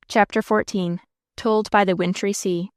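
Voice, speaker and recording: Woman reading an old novel aloud, measured and expressive, smooth clear voice, dry close sound. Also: medium pitch, no echo. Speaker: audiobook narrator. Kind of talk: audiobook narration.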